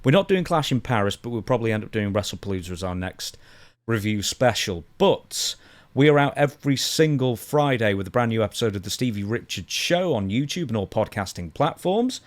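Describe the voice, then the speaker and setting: Low-voiced co-host man, dry. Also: lively intonation, a little fast. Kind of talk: casual podcast chat.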